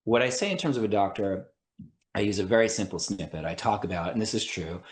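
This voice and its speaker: Low-voiced lawyer explaining earnestly. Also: male voice, fast, reverberant. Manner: earnest, breaks thoughts with frequent "right?" and restarts. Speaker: attorney and mediator as podcast guest. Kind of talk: explanatory interview conversation.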